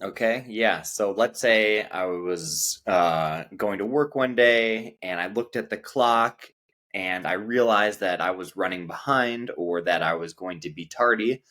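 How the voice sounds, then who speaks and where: An American man teaching English in a casual lesson, measured and careful in his explanations. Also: on the low side, fairly bright tone.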